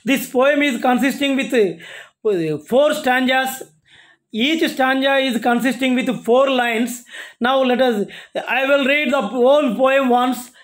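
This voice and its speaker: A male college lecturer, explaining a poem to his class in a halting, repetitive way and asking himself questions before answering them. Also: extremely high pitch. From India. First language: Telugu.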